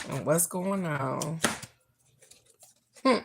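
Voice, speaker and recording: A woman's voice: low-pitched, steady tone, a little slow, heavy background noise. Chatty middle-aged woman reading cards. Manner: chatty, talks straight to viewers, blunt and affectionate. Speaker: oracle card reader. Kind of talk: casual live-stream card reading.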